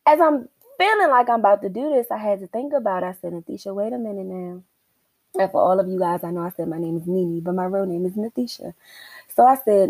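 A young adult woman hosting a podcast, telling a story in a casual, animated and profane way and acting out her own inner dialogue. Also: medium pitch, fast, dry recording, poor audio. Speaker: podcast host.

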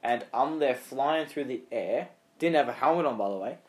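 A man's voice: medium pitch, expressive, normal speed. Young Australian man telling rambling stories. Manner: rambling storyteller, acts out voices. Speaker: podcast co-host. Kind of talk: casual chat.

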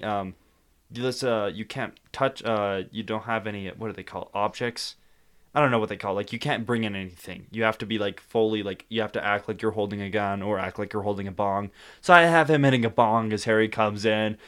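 Low-voiced young man, rambling and laughing. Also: a little fast, fairly bright tone, smooth. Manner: rambling, laughs often, slips into silly voices. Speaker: podcast guest. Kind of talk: casual podcast chat.

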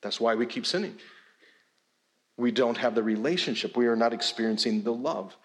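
In a church sanctuary, a male pastor preaches a sermon in a conversational, emphatic style, often repeating words. His voice is mid-range and his speed is normal.

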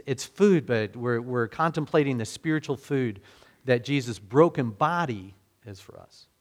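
A male pastor with a middling pitch preaches loosely and talkatively, explaining scripture as though chatting with his congregation. He is self-deprecating, often restarts his thoughts and fills pauses with ums.

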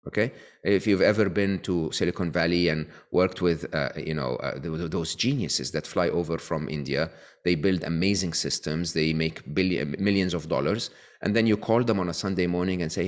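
A man's voice: low voice, normal speed. A man being interviewed as an author, explaining his views and often checking in with "okay?" and restarting his sentences. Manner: frequent tag questions and restarts. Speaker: guest author.

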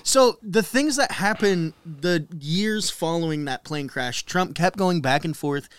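Brief: a man co-hosting a podcast, slightly high-voiced, wry and giggly, dry close sound. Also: unhurried, a bit bright, smooth, no room sound. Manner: laughing, reads quotes with wry asides. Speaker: podcast co-host. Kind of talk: casual storytelling chat.

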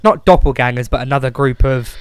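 A man's voice: medium pitch, a little fast, clear, resonant tone, dry recording. A man co-hosting a podcast in casual chat, blunt and sweary, with lots of ums and restarts. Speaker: podcast co-host.

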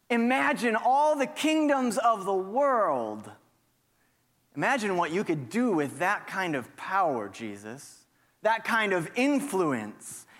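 A cunning male accuser spirit that taunts and needles with mocking questions, as a preacher puts him on. The voice sits fairly high and moves slowly. A long hall reverb trails behind every word. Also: a bit bright, full character voice.

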